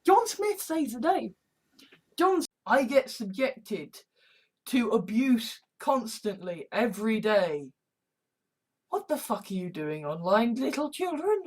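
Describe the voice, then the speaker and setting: A woman's voice: fairly high pitch, expressive, slow. A woman vlogging, ranting bluntly and swearing constantly as she comments. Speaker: video blogger.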